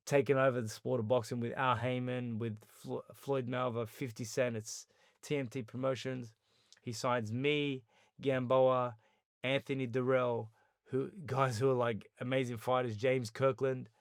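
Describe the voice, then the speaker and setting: An Australian man, a guest on an interview podcast, telling a story in a lively conversational way and acting out what other people said. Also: mid-range voice, dry recording, studio quality. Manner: animated retelling, acting out others' words in quotes.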